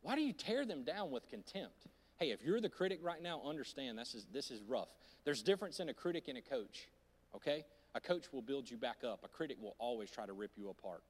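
A male pastor, preaching an animated sermon that swings from loud to hushed into a handheld microphone. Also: mid-range voice, fast talker. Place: church auditorium. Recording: reverberant church hall.

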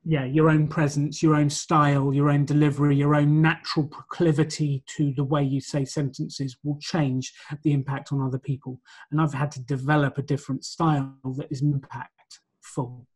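A man's voice: a little high, flat delivery, normal speed, a little mellow, husky. A man being interviewed about his work as a presentation coach, explaining his points in a confident, orderly way. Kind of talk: conversational interview.

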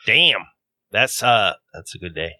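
Co-host, male, animated and joking, bright tone, dry close mic. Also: lowish voice, measured pace, dry recording. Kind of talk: casual chat, beer tasting.

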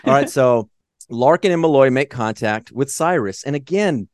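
A man's voice: mid-range voice, no room sound, clean studio sound. A man co-hosting a podcast, chatting casually and profanely as he recaps a movie, laughing often. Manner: profane, excitable, quick asides, laughs a lot. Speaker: podcast co-host.

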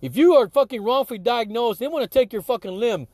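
A man's voice: extremely high pitch, expressive, fast talker, darkish tone, dry recording. A middle-aged man, a former radiology technician, talking in a profane, heated, rambling monologue full of restarts.

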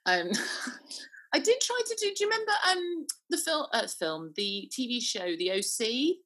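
Bright-voiced woman in casual chat. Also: on the high side, sing-song, normal speed. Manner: chatty, restarts sentences, giggly. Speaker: podcast co-host.

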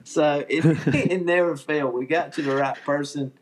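A man's voice: on the high side, steady tone, moderate pace. Easygoing Southern man chuckling through stories. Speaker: podcast guest. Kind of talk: casual chat.

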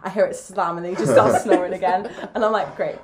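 A woman co-hosting a podcast, telling lively family stories in a casual chat. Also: on the low side, fast, over a noisy crowd. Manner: lively storyteller, mimics family. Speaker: podcast co-host.

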